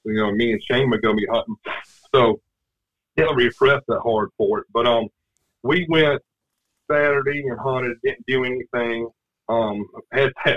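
A man, telling a hunting story in a casual, rambling way, with lots of fillers and restarts. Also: mid-range voice. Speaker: guest. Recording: dull lo-fi sound.

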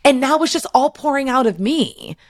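A woman's voice: sits high, animated, normal speed, dry recording. A woman hosting a heartfelt conversation, talking in an earnest, emotional way with many restarts. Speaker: host. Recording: dry close mic.

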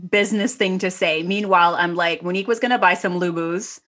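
A woman hosting a podcast, chatting casually and telling rambling, animated stories with a few laughs. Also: fairly low pitch, brisk. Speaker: podcast host. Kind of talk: casual chat.

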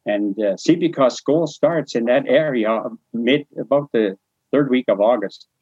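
A man's voice: medium pitch, unhurried, slightly rough. A man from New Brunswick, Canada, telling a personal story in a casual spoken memoir style, acting out the dialogue and chuckling often. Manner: animated storyteller, acts out dialogue, frequent chuckles. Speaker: interviewee telling his life story. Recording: dry, slightly muffled recording.

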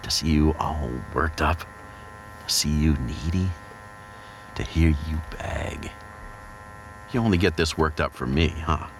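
A man narrating an intimate erotic audio role-play in a low, teasing voice that often slips into a whisper. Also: slow pace, pauses often, noisy background.

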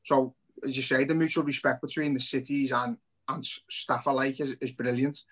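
A man's voice: mid-range voice, little pitch movement, moderate pace, a bit bright. A man co-hosting a podcast, chatting in casual, laughing banter. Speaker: podcast co-host. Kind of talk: casual chat.

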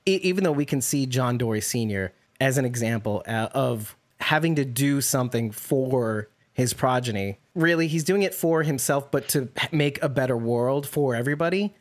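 Rambling, animated man in casual chat. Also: mid-range voice. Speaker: podcast co-host.

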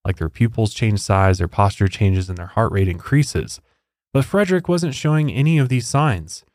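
Low-voiced man narrating true crime. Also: a little mellow, no room sound, studio quality. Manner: conversational, incredulous asides. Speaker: podcast host.

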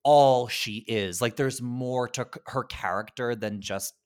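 A man co-hosting a podcast in casual chat, chatty and animated, laughing often and filling pauses with um and uh. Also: mid-range voice. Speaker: podcast co-host.

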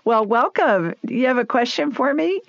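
A woman with a Southern US accent, hosting a call-in radio show, upbeat and chatty and quick to laugh. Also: high voice, animated, creaky, dry recording. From Alabama. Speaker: radio show host and psychic medium. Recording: dull, lo-fi broadcast audio.

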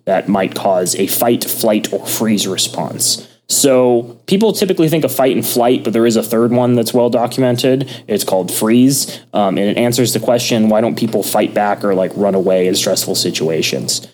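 Soft-spoken man with a low voice. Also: expressive, moderate pace, few pauses. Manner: soft, drifting into a casual ASMR-like murmur; thoughtful, many ums and restarts. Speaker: podcast co-host. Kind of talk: casual chat, reading from a book.

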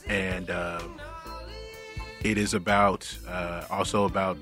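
A man co-hosting a podcast in casual chat, halting and often laughing. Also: low voice, flat delivery, over music. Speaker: podcast co-host.

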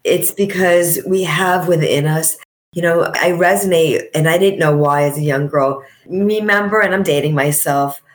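A middle-aged woman guest on a podcast, talking in a heartfelt, reflective way and slowing down to stress her points. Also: deep voice. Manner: heartfelt, reflective, slows for emphasis. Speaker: guest, coach and author. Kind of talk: emotional podcast interview.

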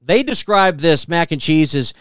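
Male comedy podcast co-host; crude banter, lively pitch, dry close mic. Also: normal speed, dry recording. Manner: profane, jokey, reads news items aloud.

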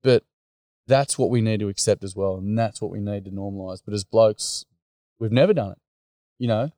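A man's voice: on the low side, moderate pace, dark tone, dry recording, clean studio sound. A man with an Australian accent, a workshop facilitator, speaking frankly and casually in an interview, acting out quotes as he tells stories. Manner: blokey, frank, storytelling with acted quotes.

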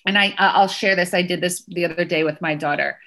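A woman's voice: lowish voice, fairly even intonation, fast, fairly bright tone. A woman in her thirties, a parenting educator, explaining in an interview and often checking in with "right?". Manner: earnest, often adds "right?" to points.

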